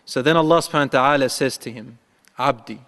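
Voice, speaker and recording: A man preaching a sermon, telling a story and acting out its dialogue with a rising voice, reciting prayers quickly. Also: medium pitch, fairly bright tone. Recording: long hall reverb.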